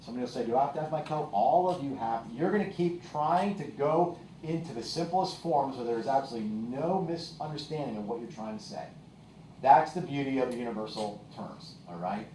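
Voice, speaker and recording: A man's voice: mid-range voice, expressive, fairly quick, a little hiss or hum. A male teacher giving a classroom lecture, explaining with examples and often checking in with "okay?". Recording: echoey classroom, voice from far off.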